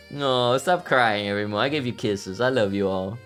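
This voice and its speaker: A man's voice: mid-range voice, fairly bright tone. A man streaming live as a VTuber, chatting casually and playfully, often giggling and bursting into theatrical outbursts. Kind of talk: casual livestream chat.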